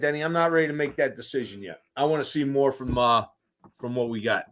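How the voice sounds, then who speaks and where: A man's voice: medium pitch, moderate pace, fairly bright tone. A man, a former player appearing as a guest, giving direct, emphatic opinions in casual sports talk.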